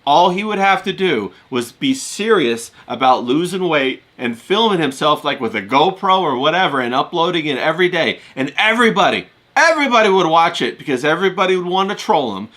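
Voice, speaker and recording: Animated man hosting; bright, emphatic, repeats himself. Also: a little high, brisk, few pauses. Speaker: stream host. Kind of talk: casual stream chat.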